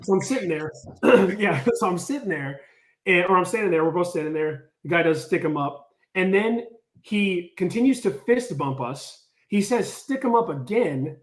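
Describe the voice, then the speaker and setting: Animated man telling a story. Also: high voice, moderate pace, reverberant. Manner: animated, lots of "like", acts out quotes. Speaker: storyteller on a podcast. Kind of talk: casual storytelling.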